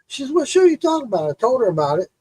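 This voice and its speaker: A man's voice: very high-pitched, big pitch swings, very fast, mellow, slightly rough, no echo, rough recording. A man telling a long, profane story in casual chat and acting out the quotes.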